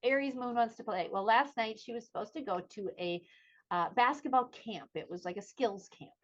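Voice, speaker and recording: A woman's voice: a little high, normal speed, lo-fi sound. A middle-aged woman co-hosting a podcast, chatting casually and telling a story animatedly, acting out the voices of the people she quotes. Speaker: podcast co-host. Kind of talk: casual chat.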